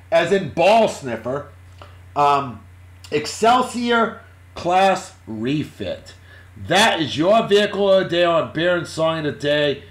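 A boisterous man hosting a casual vlog, giving shout-outs in rowdy slang and swinging between yelling and muttering. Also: a little high, very animated, unhurried.

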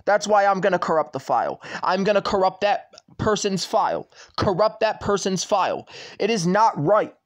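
High-voiced man ranting in a vlog. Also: expressive, normal speed. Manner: repetitive, swearing, ranting address to YouTube. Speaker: channel owner. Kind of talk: vlog rant to camera.

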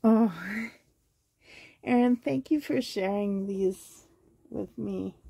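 A hoarse woman from Canada gushing with delight as she unboxes a reborn doll trade for her vlog. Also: mid-range voice, slow, warm tone. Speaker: reborn doll collector vlogger.

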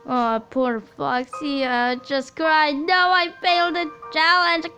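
Excitable high-voiced woman reacting. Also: slow pace, rough recording. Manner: excitable, gasping exclamations. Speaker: video reactor. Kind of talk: reaction commentary. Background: loud music from the watched video.

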